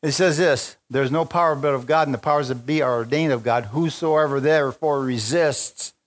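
A man's voice: a little high, normal speed. A man preaching an unplanned sermon to a large congregation, fervent and call-and-response, reading scripture and rising to exclamations. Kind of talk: spontaneous sermon.

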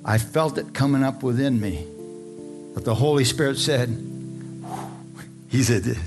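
A man's voice: mid-range voice, unhurried, over music. A man preaching a live sermon to a congregation, fervent and repetitive, often calling out to the crowd for an amen. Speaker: pastor. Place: church service before a congregation.

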